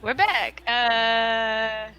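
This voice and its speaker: Bright-voiced woman player, hesitant. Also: fairly high pitch, level tone, drawn-out words, poor audio. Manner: hesitant, lots of fillers, thinking aloud. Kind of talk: playing a tabletop game.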